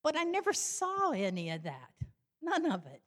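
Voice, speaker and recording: An older woman telling her personal faith story, animated and acting out the voices she quotes. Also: normal speed. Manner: animated, acts out quoted voices with sudden high jumps. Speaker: speaker giving a personal faith testimony.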